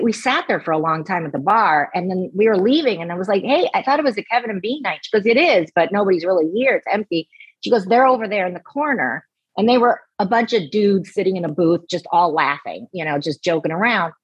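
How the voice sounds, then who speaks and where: A woman with a husky, breathy voice, spinning a lively anecdote on a podcast and jumping into the voices of everyone she quotes. The sound is close and dry, with no room around her. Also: medium pitch, dry recording, dull audio. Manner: animated, acts out quoted voices. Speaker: guest. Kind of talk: casual storytelling.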